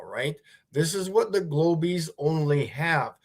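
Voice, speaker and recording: A man's voice: fairly high pitch, expressive, normal speed, few pauses, slightly rough. A man hosting a livestream, talking casually in a sarcastic, rambling way with many fillers. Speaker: livestream host.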